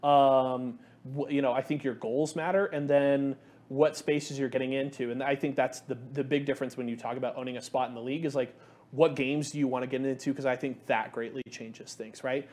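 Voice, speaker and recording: A man's voice: mid-range voice, fairly even intonation, brisk, darkish tone. A man co-hosting a gaming podcast, talking in a laid-back, frank way with casual swearing. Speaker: podcast co-host. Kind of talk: casual chat.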